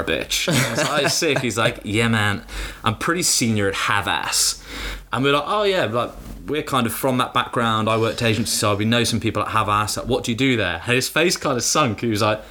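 A young British man co-hosting a podcast, telling a travel story in casual, animated chat, swearing freely and mimicking people he quotes. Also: medium pitch, quick pace, few pauses. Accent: British English. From England. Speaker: podcast co-host.

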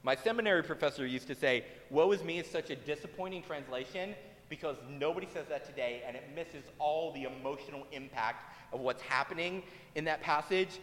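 Male pastor, sermon, casual and funny delivery, fairly high voice, long reverb from a church hall. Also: fairly quick, fairly bright tone. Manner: conversational, humorous.

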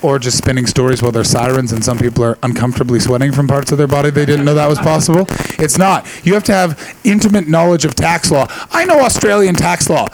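A man's voice: a little high, fast, few pauses, background noise. A man doing a stand-up set before a live audience, telling profane rambling stories and teasing the crowd. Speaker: stand-up comedian.

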